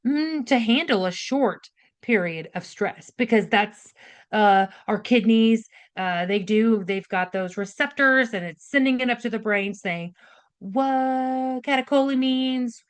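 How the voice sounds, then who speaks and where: A woman nurse giving a casual spoken health lesson, direct and chatty, often checking in with "right?" and "okay?". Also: medium pitch. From United States. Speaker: nurse educator hosting a health class.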